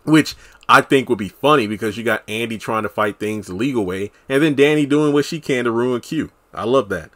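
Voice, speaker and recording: A man casually recapping a TV episode as a solo reviewer, chatty and animated, acting out characters' lines. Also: medium pitch, fairly quick. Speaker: TV show reviewer.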